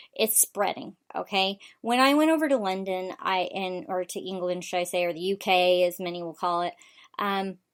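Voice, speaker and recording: A woman from the United States hosting a political talk show, delivering a rapid, opinionated monologue full of fillers and restarts. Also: medium pitch, a bit bright.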